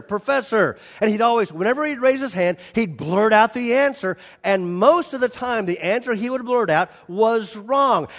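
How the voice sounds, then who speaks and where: High-voiced, animated male preacher. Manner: animated, acts out scenes, repeats for emphasis. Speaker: pastor. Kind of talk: sermon. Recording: long reverb of a large hall.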